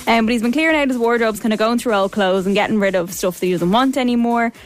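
Brief: young woman, podcast co-host, chatty storyteller, a bit high, faint music underneath. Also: fast. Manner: chatty, acts out both sides of a story. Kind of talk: casual chat, animated storytelling.

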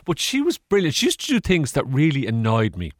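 Telling rambling stories as an interview guest, the Irish man fills them with laughs and fillers. His medium-pitched voice swoops wildly and moves briskly, captured studio-clean with no room sound.

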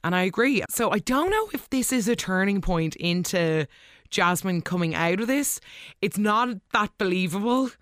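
Recap vlogger: chatty, animated, mid-pitched voice, dry close recording. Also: no room sound. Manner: animated, gushing, quick asides. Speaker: soap opera recap host. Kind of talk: casual episode recap.

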